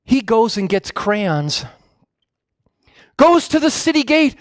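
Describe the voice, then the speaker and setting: A male preacher delivering a sermon as animated storytelling, often stopping to correct himself. His voice sits high and swings widely in pitch. The sound is dry and close. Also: takes it slowly, no room sound.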